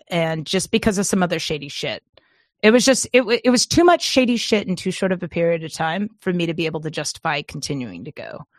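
A woman co-hosting a podcast, telling a long story in a rambling, animated way and breaking into laughter often. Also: low voice, dry recording, studio quality. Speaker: podcast co-host. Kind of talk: casual storytelling chat.

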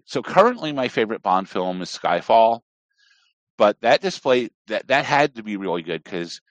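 A man's voice: fairly low pitch, dry recording. A man from Appalachia, chatting casually on a podcast and rambling off on tangents. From Southern Appalachia, US. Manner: rambling, digressive, animated. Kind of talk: casual conversation.

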